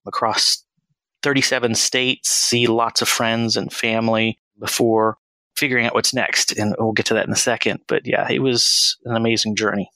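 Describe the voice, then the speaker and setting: A man in his thirties, a financial planner as podcast guest, speaking in an earnest, measured and reflective way. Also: on the low side, little pitch movement, bright, forceful tone, no room sound, poor audio. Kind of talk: conversational interview.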